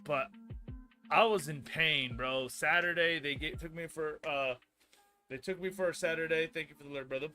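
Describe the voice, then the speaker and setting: A man in his thirties telling a long work story on a stream, profane and rambling, growing loud and heated as he goes. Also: on the high side, moderate pace, soft background music. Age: 30s. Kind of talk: casual storytelling chat.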